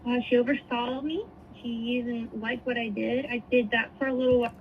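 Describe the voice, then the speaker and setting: A woman's voice: fairly high pitch, steady tone, brisk, slight background noise. A woman who works as a nurse telling a personal story in an earnest, reflective way. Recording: tinny phone-like audio.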